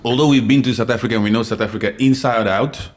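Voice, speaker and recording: A man from Congo delivers a heated podcast monologue in a mid-range voice. He talks straight at his listeners in a blunt, confrontational way. He swings from loud emphatic bursts to low, muttered asides. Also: fairly even intonation, quick pace, background noise. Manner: forceful, confrontational, swings between loud outbursts and quiet asides; reads and answers live comments. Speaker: podcast host. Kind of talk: unscripted opinion podcast monologue.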